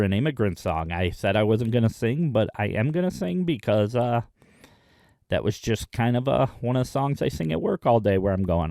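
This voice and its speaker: A man hosting his own video, chatting enthusiastically in a casual rundown with frequent pauses. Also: fairly low pitch, creaky, a little mellow, dry recording, studio quality. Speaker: music video host.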